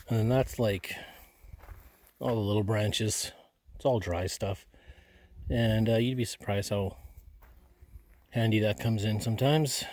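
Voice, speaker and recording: A young man chatting casually to the camera while camping outdoors by a marsh, rambling in a relaxed way with quiet offhand asides to himself. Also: on the low side. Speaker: solo camping vlogger. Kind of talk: casual outdoor vlog commentary.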